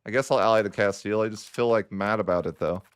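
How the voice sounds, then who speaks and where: A man's voice: fairly low pitch, fast, clear, resonant tone. A young man commentating his own strategy game session, exasperated and whiny with a sarcastic streak. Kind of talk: frustrated gameplay commentary.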